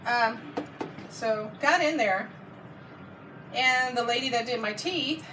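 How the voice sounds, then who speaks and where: A chatty woman with a drawl and a fairly high voice tells a long, meandering story, stopping to correct herself and laughing along the way. She sounds like she is some distance from the mic, and clear background noise runs underneath. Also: takes it slowly. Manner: rambling, self-correcting, laughs often. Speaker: vlogger. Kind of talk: casual chatty storytelling to viewers. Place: home kitchen. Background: kitchen sounds while cooking.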